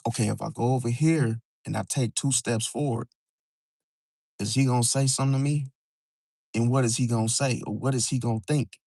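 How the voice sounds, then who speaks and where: A man's voice: mid-range voice, a little fast, gravelly, a little mellow, dry recording. A man hosting an astrology live stream, talking loosely and repeating "see?" and "bro", outdoors near parked cars, at times whispering. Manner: loose, repetitive, drops "see?" and "bro" often. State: sometimes whispering. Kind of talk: casual live-stream talk. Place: outdoors near a parking area.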